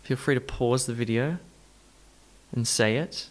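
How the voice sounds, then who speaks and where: A man teaching an online English pronunciation lesson, saying practice sentences slowly and repeating stressed words to the learner in an encouraging way. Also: mid-range voice. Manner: encouraging, talks straight to the learner.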